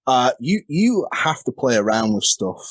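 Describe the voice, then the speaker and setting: A man's voice: medium pitch, very animated, normal speed, breathy edge, no room sound. A man talking casually as a podcast guest, candid and self-deprecating, laughing often, heard over a remote call. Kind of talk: casual chat.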